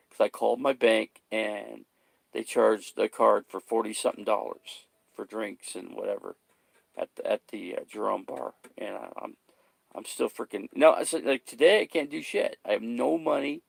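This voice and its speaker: A man's voice: fairly low pitch, moderate pace, creaky, no room sound. A man talking casually to his camera, rambling, swearing and repeating himself as he gets worked up. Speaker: vlogger.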